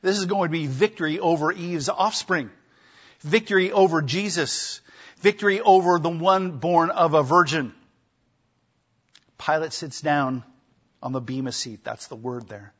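A man delivers a sermon with a husky voice pitched a little high. He is emphatic and acts out the quoted speech of people in the story. The recording sounds dull and lo-fi. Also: measured pace, fairly bright tone. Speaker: pastor. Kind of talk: expository sermon.

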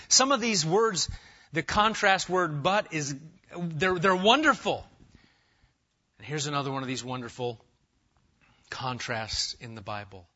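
Middle-aged male pastor, conversational expository preaching with questions to the room; bright, forceful tone, muffled lo-fi capture. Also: on the high side. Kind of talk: expository sermon.

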